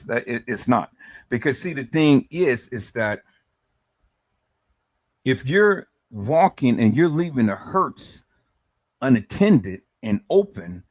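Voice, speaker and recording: A man hosting a livestream, talking emotionally and stammering, with words repeated, agitated outbursts and soft trailing off. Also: medium pitch, sing-song, slow pace, pauses often, no room sound. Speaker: livestream host.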